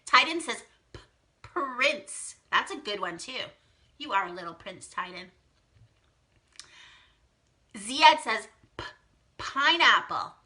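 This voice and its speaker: A young female teacher runs a live phonics game, reading out children's guesses and praising them warmly. Her voice is very bright and swoops across a wide range of pitch. She speaks slowly and clearly, with excited gasps. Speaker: teacher hosting a live online lesson.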